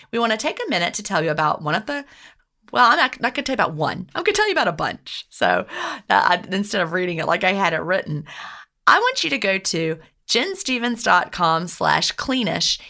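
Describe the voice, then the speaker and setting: Chatty woman with a gravelly voice. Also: on the low side, wildly swooping pitch, fast talker. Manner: warm, chatty, lots of restarts. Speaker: podcast co-host. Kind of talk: casual podcast chat.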